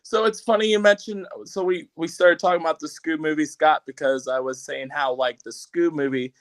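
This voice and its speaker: A man's voice: on the high side, fairly even intonation, normal speed. A man co-hosting a casual podcast, rambling with lots of fillers, his voice a little off today. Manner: rambling, filler-heavy, does cartoon voice impressions. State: voice slightly off, unwell. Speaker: podcast co-host. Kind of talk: casual chat. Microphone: video call setup, sitting back from the camera.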